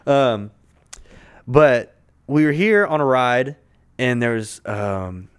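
Smooth-voiced man telling a rambling story. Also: medium pitch, expressive, slow. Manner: profane, filler-heavy, rambling. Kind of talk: casual storytelling chat. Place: conference room.

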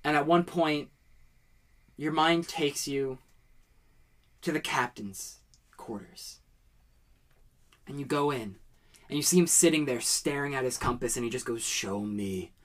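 A man's voice: fairly high pitch, a little slow, long pauses. Man narrating a tabletop game. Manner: descriptive, dramatic storytelling. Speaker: game master.

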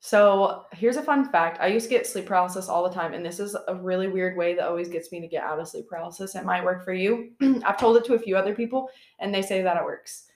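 A woman's voice: lowish voice, fast, hardly any pauses. A young woman co-hosting a podcast, chatting casually and telling scary stories, with lots of fillers. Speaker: podcast co-host.

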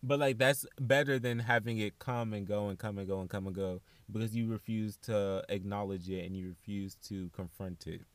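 A young man, hosting a casual solo podcast in a chatty, animated way with sassy asides. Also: lowish voice, normal speed, few pauses, no echo. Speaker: podcast host.

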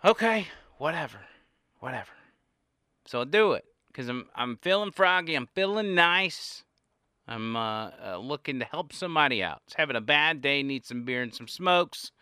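A man telling a casual anecdote in an animated way, his pitch and loudness rising and falling as he goes. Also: normal speed, smooth, no echo, studio quality. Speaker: storyteller.

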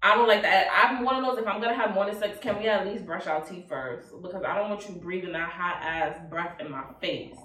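A woman's voice: medium pitch, fairly quick, few pauses, sharp tone, slight background noise. A woman telling stories in a blunt, profane casual chat. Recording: roomy, distant mic.

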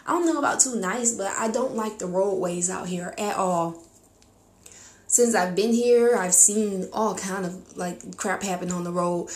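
A woman with a rural American accent hosts her own podcast, talking casually and bluntly. She breaks into animated outbursts now and then, and her medium-pitched voice echoes around the room. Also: a little slow. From rural United States. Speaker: podcast host. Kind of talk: casual monologue.

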